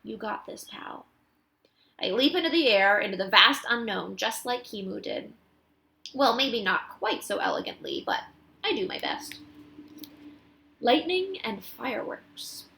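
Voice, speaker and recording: A woman reads a children's novel aloud with an animated, expressive delivery. Her voice is bright with a creaky edge. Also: fairly high pitch, unhurried. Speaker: audiobook reader.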